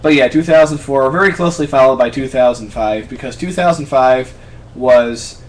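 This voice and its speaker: A man's voice: mid-range voice, normal speed. A man in his twenties answering viewers' questions in a casual vlog, chatty and rambling, often stopping to correct himself. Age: 20s. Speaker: YouTube creator answering fan questions. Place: apartment room.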